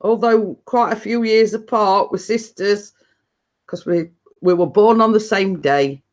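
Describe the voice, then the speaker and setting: A woman's voice: medium pitch, measured pace, darkish tone. A middle-aged woman, chatting casually with viewers as a live stream host, laughing often and restarting her sentences.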